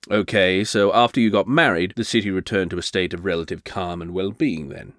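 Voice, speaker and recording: A man's voice: low-pitched, fairly quick, few pauses, fairly bright tone, dry recording. A man hosting a podcast, interviewing a character in a scripted comedic style, teasing and probing. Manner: teasing, probing, playfully dry. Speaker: podcast host.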